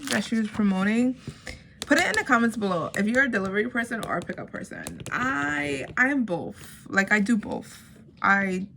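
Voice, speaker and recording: Woman, casual unboxing chat, gushing, excitable, gravelly fry, noisy recording with crinkling paper. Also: mid-range voice. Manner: gushing, excitable, lots of "oh my God" and "like". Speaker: unboxing vlogger.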